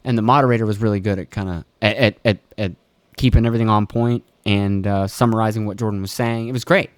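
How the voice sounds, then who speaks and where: A man's voice: lowish voice, steady tone, fast, no room sound. A young man hosting his own podcast, rambling casually with lots of swearing and chuckles. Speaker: podcast host. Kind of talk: casual solo podcast rant.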